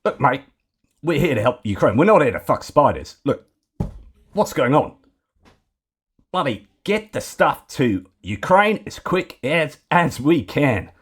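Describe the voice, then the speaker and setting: A man putting on an Australian accent to play an impatient, swearing Australian bloke, loud and drawn out. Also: medium pitch, very animated, a little slow, breathy edge, voice pushed up. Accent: put-on Australian.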